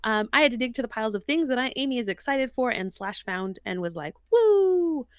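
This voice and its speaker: A woman's voice: a little high, quick pace, a bit bright, dry recording. A woman co-hosting a casual podcast, giving a bubbly, rambling rundown of entertainment news. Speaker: podcast co-host. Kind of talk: casual chat.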